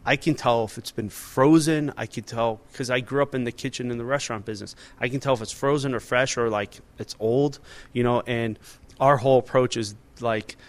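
A man's voice: medium pitch, fairly even intonation, a little fast. A man in his forties, a restaurant owner and chef, talking casually and animatedly in an interview, with many fillers and restarts.

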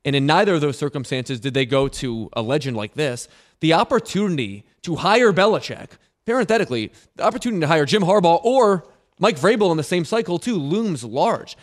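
A man co-hosting a sports radio show, making a wry, argumentative case in quick banter. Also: on the high side, animated. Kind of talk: casual sports talk banter.

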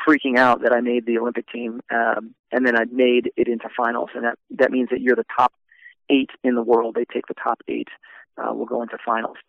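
A middle-aged man, a former athlete, telling his own story in a relaxed, reflective way, with many fillers and restarts. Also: medium pitch, gravelly, no echo, poor audio. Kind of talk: personal storytelling interview.

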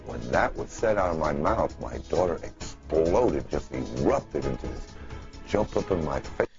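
A middle-aged man with an extremely deep, gravelly voice speaks slowly and deliberately in a TV interview. Music plays clearly underneath. The clip sounds dull and lo-fi. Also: big pitch swings, darkish tone. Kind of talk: TV interview recounting events.

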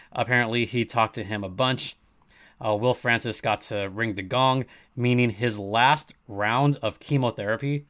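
A man's voice: medium pitch, a bit bright. A man hosting a sports podcast, talking earnestly and with emphasis, repeating his key points. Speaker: podcast host.

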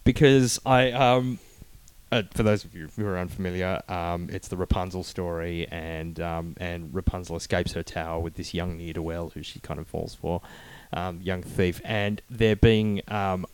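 A man co-hosting a casual film review chat, animated and halting, with many fillers and restarts. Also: low-pitched, clean tone.

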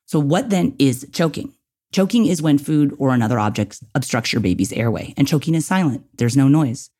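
Brisk and darkish in tone, this medium-pitched man speaks with lively intonation as he hosts an instructional podcast. He addresses listeners like a coach, frequently dropping in "okay" and "right."

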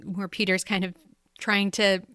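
A woman's voice: mid-range voice, flat delivery, unhurried, sharp tone, clear, resonant tone, dry recording, studio quality. Upbeat woman co-hosting a podcast. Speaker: podcast co-host. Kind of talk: casual podcast chat.

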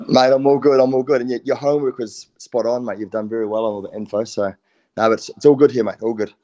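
A man's voice: medium pitch, fairly even intonation, fast, warm tone, highs cut off. A middle-aged man with a New Zealand accent, a former rugby player talking casually as a guest, easygoing and full of "mate". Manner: laid-back, says mate a lot. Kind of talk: casual phone interview.

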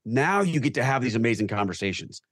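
A man's voice: mid-range voice, animated, fast talker, a bit bright, husky, no echo, studio quality. A man, a guest on a talk show, speaking earnestly and emphatically about his faith. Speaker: guest, Catholic convert.

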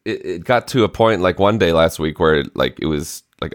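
A man in his thirties co-hosting a chatty podcast, telling a story thoughtfully with frequent pauses and restarts. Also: deep voice, no room sound, clean studio sound. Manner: reflective storytelling with many hesitations. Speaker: podcast co-host. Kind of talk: casual chat.

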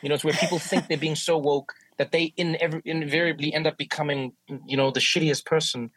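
A middle-aged South African man with a South African accent, a guest telling lively stories in a casual interview and acting out what others said. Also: fairly high pitch, quick pace, no room sound, rough recording. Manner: animated, acts out quoted voices.

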